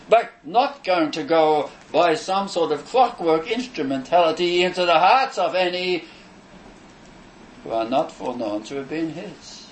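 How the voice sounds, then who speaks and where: A male preacher delivering a sermon with a high, very lively voice that swoops up and down. He is emphatic and declamatory, hammering phrases through repetition and measured pauses. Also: rough recording. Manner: emphatic, says so himself, repeats phrases for stress.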